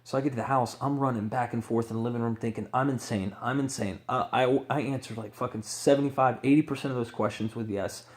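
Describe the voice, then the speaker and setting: A man's voice: medium pitch, fairly even intonation, fast, hardly any pauses. Man, personal storytelling, raw, rambling, swearing, candid. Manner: raw, rambling, swears freely, acts out quoted voices. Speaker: person in recovery telling his story.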